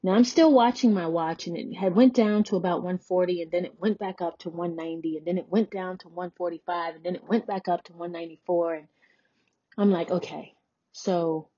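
A woman in her forties hosts her own podcast and tells a personal story in a candid, chatty way, slipping into the voices of the people she quotes. Her voice is mellow and a little husky. The recording is dry and somewhat dull, like lo-fi audio. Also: on the low side, moderate pace, no echo. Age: 40s. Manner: candid, conversational, acts out quoted dialogue. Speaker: podcast host.

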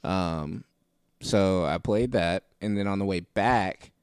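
A man's voice: low voice, takes it slowly, clear, resonant tone, no echo, clean studio sound. A man co-hosting a podcast, telling stories in casual chat, laughing often and swearing casually. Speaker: podcast co-host.

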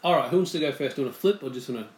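A man's voice: medium pitch, very fast. A talkative man with an ordinary mid-range voice co-hosts a casual podcast. He teases his partner and laughs easily. His voice carries a roomy echo. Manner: chatty, laughs easily, teasing. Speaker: podcast co-host.

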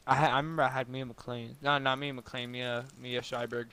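A man's voice: medium pitch, level tone, fairly quick, bright, forceful tone, clear, resonant tone. A young man telling crude, boastful stories in casual chat with friends.

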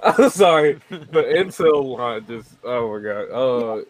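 A man's voice: medium pitch, lively intonation, slow pace. A man co-hosting a casual podcast, hesitant with many fillers. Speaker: podcast co-host. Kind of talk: casual chat.

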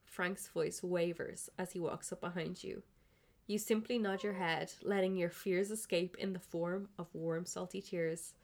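A woman's voice: on the low side, steady tone, a little slow, a little mellow. A woman podcast host giving a comic reading of fan fiction, narrating the scenes between bursts of laughter. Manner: reads narration, breaks into laughter.

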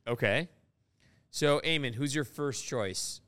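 A man hosts a loose comedy podcast, tossing out provocative jokes in easy banter. His voice is smooth and clear at a middle pitch. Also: slow pace, fairly bright tone. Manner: joking, provocative riffing. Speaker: podcast host.

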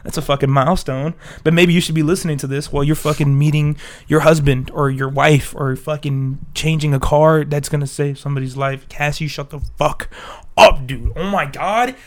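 A man's voice: a little high, fairly even intonation, moderate pace. A young man co-hosting a casual podcast, joking with a lot of swearing and frequent laughter while under the weather. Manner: profane, joking, laughs often. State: sick. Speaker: podcast co-host. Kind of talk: casual chat. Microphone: desk mic.

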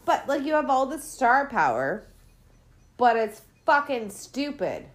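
A woman's voice: high voice, big pitch swings, a little slow. A woman podcast host giving casual movie commentary, swearing a lot and ranting in an exasperated, sarcastic way.

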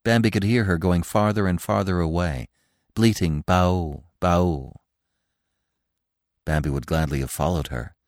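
A man's voice: low voice, a little mellow, dry recording, clean studio sound. A man narrating a classic children's story expressively as a podcast host. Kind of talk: audiobook narration.

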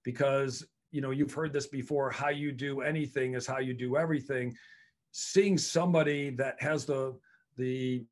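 Earnest college coach talking shop. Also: male voice, mid-range voice, fairly even intonation, moderate pace. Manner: earnest, often repeats words as he thinks. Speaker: head lacrosse coach, podcast guest. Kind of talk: casual interview talk.

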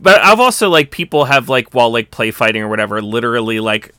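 A man's voice: mid-range voice, very animated, fast, pushed and bright, clean tone, no room sound, studio quality. A young man in casual recorded chat, rambling with many fillers and restarts.

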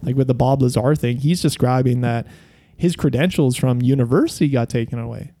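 A man with a mellow, warm voice chats loosely on a podcast. He tells rambling stories full of fillers and swearing. His pitch sits in an ordinary middle range. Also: fairly quick. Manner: rambling, profane storytelling with many fillers. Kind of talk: casual chat.

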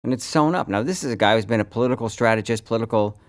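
A man co-hosting a podcast in casual chat, animated and rambling, swearing freely and restarting his sentences. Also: mid-range voice, racing, dry recording, studio quality. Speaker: podcast co-host.

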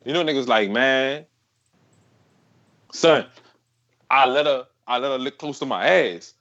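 A man's voice: mid-range voice, unhurried, fairly bright tone, muffled recording. A man telling a crude story in casual chat, swearing, full of slang and laughing as he goes.

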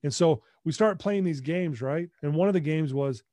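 Animated storytelling man, dark dry voice. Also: a little high, moderate pace, few pauses, no echo. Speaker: podcast guest. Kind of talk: personal storytelling.

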